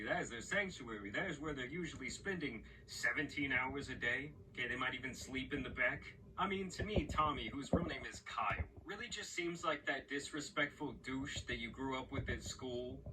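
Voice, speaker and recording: A man's voice: mid-range voice, recorded from a distance, noisy background. A man giving casual reaction commentary in a blunt, profane, mocking way. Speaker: commentary YouTuber.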